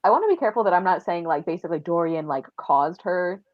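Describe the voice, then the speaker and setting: A woman co-hosting a casual book club livestream, talking in an animated way with lots of laughter and "like" fillers. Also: lowish voice, fast, no echo, lo-fi sound.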